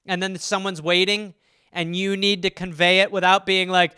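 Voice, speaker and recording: A man with a high, bright voice riffs through a solo comedy podcast. He rambles and swears freely, slipping into quick voices to act out little scenes. His tone stays smooth and clear, recorded close and dry. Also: flat delivery, no echo.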